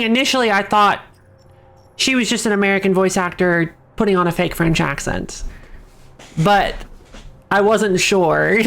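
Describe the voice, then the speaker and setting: A woman's voice: mid-range voice, fairly bright tone. A young woman streaming a game, chatting casually, laughing often and reading the on-screen text aloud. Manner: chatty, giggly, self-correcting.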